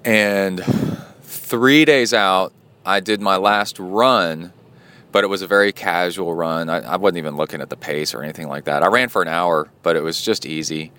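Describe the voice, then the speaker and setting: Rambling, chatty man, lowish voice. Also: moderate pace, sharp tone, clean tone. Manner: rambling, chatty, many fillers. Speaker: triathlon podcast host. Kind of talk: casual spoken diary.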